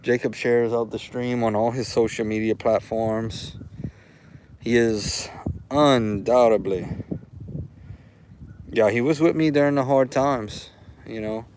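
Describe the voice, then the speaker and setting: A man's voice: mid-range voice, fairly even intonation, slow, pauses often, a little mellow, slight background noise, rough recording. A man from Louisiana with a Louisiana accent, hosting a casual livestream, rambling and heartfelt, repeating himself as he talks. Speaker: livestream host. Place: outdoors.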